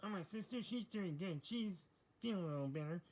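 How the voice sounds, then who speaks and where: Someone voicing an eager toy character in a homemade story video, talking quickly. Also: mid-range voice, expressive, darkish tone, slight background noise, lightly acted, poor audio.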